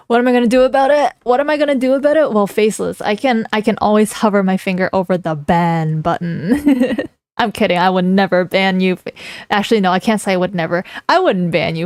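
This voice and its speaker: A woman's voice: medium pitch, darkish tone, no room sound, studio quality. A young woman chatting playfully with her viewers on a livestream, teasing and laughing often. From Canada. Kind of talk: casual livestream chat.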